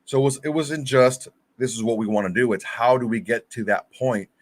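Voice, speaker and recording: A man's voice: mid-range voice, fairly quick. A man co-hosting a casual fan sports podcast over a video call, rambling with restarts and fillers. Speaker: podcast co-host.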